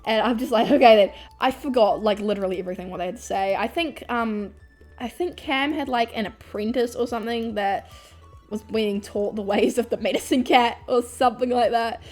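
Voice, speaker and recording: A young woman tells a storytime vlog, animated, laughing often and swearing freely. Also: fairly high pitch, fairly quick, faint music behind. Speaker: vlogger.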